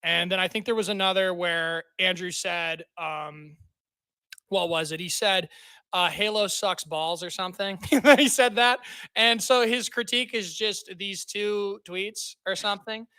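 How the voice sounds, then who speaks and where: Bright high-voiced joking streamer man. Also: measured pace, clean tone. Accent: non-Southern American. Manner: excitable, joking, bursts into loud mock outrage. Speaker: streamer host. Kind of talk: casual livestream chat.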